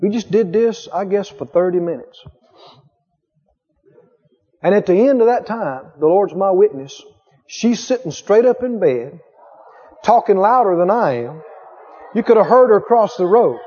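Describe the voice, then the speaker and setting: A man preaching a sermon in a church hall, emphatic, with repeated phrases and drawn-out stresses, recorded on dull lo-fi tape. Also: high voice, lively intonation, mellow.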